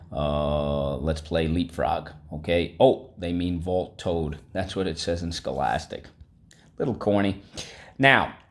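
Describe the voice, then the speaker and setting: A male teacher giving a vocabulary lesson to children, prompting the class to repeat words and praising their answers. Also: sits low. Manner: call-and-response prompting, upbeat encouraging. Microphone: recorded video lesson.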